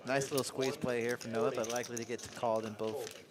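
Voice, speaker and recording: A man's voice: medium pitch, flat delivery, brisk. A man doing casual, rambling live poker commentary with frequent laughter. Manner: chatty, laughs often, loose and rambling. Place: card room. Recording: card room crowd noise behind.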